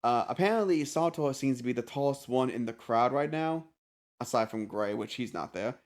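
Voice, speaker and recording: A man's voice: mid-range voice, animated. A man narrating as game master for a tabletop game, hesitant with frequent restarts. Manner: halting, many restarts and fillers.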